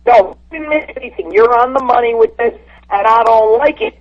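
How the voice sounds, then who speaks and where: A woman's voice: fairly high pitch, expressive, fairly quick. A woman comedian calling into a podcast, talking bluntly in a brash, insult-comic manner. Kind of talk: phone-in podcast chat. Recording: muffled phone line.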